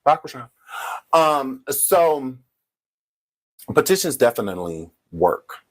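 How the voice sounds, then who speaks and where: A man's voice: mid-range voice, very animated, slow pace. A man hosting a casual livestream, speaking straight to his viewers and often checking in with "okay?". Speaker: livestream host.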